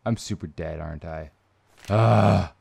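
A man's voice: mid-range voice, expressive, moderate pace, no room sound. Joking man narrating a horror game. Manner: joking, rambling, mock voices for characters. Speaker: gaming channel host. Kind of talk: let's play commentary.

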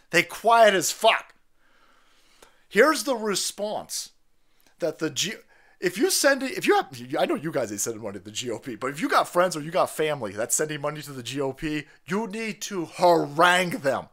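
A man hosting his own show, delivering a heated, foul-mouthed rant. His voice sits on the high side and rings bright and forceful. His pitch leaps around as he rages and cracks himself up. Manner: animated, swearing, laughing. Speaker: podcast host. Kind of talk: profane political rant.

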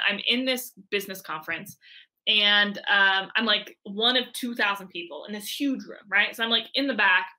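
Bright, animated young woman telling a story. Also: a little high. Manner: animated, many "like" fillers, acts out voices. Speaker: interview guest. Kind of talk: storytelling interview talk.

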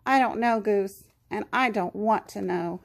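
A woman's voice: mid-range voice, measured pace. A woman voicing a cheerful male duck dressed as a ghost, chirpy and upbeat.

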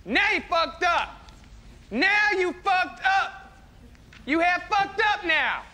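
An actor playing a crude, loud heckling male president who taunts and repeats insults in a comedy sketch. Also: extremely high pitch, lively intonation, takes it slowly, heavily acted. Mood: taunting. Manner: loud, foul-mouthed, repetitive taunting.

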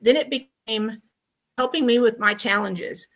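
A woman's voice: on the high side, a little slow. A woman from Texas calling in to a podcast over video, giving a heartfelt, grateful testimonial with many ums and restarts. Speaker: guest caller.

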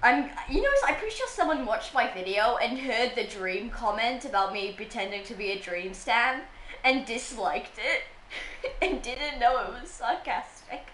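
Bright, high-voiced playful woman streamer. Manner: playful, teasing, laughs often. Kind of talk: casual gaming livestream chat. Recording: roomy room sound with faint noise.

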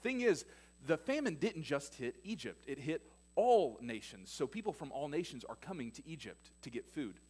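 In church, a male pastor preaches a sermon, retelling stories in a fairly high, sing-song voice with a breathy edge at a moderate pace. He alternates between emphatic, louder stretches and quiet, hushed moments.

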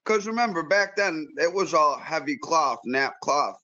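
A high-pitched man spins an animated, profane story in a casual chat. He restarts and repeats his words as he goes. The recording sounds somewhat dull and lo-fi. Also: normal speed. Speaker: guest pool player.

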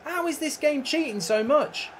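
A man's voice: extremely high pitch, animated, normal speed, a bit bright, a little hiss or hum. A man streaming a football video game, ranting and swearing at the match and answering his viewers' chat. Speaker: gaming streamer. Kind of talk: live game commentary.

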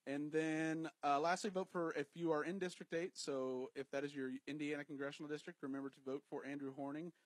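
A man co-hosting a podcast, chatting casually with quick laughing asides. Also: a little high, flat delivery, dry recording, poor audio. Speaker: podcast co-host. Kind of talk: casual chat.

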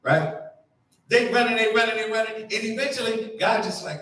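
Preacher, male, high voice, animated sermon delivery with hushed asides, picked up from far off in a very echoey church. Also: normal speed, slight background noise. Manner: animated preaching, acting out voices, dropping to a hush. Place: church sanctuary.

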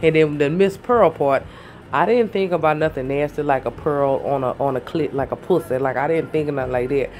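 A woman's voice: sits low, fairly quick, a little mellow, a little hiss or hum. Woman rambling thru a casual vlog, hiccuping, talks to viewers like family. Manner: chatty, rambling, calls viewers "baby". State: has the hiccups. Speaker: YouTuber.

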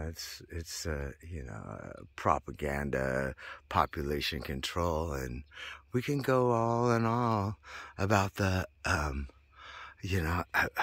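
Low husky man rambling on. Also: a bit bright, dry recording. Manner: meandering, tangential, heavy on fillers. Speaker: vlogger. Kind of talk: rambling monologue to viewers.

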